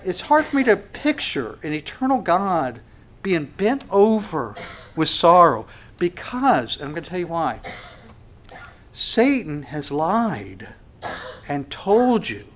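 Male pastor, sermon delivery; fairly high voice, impassioned, big swings between hushed and loud, reads scripture aloud. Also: big pitch swings. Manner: impassioned, swinging from soft to loud with slow stressed phrases.

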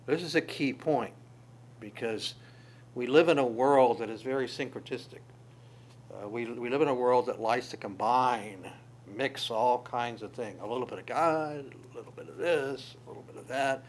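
A man's voice: normal speed, a little hiss or hum. Man preaching with frequent restarts. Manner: animated, jumps in pitch and loudness on key lines; stammers and restarts phrases often. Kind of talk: conversational sermon.

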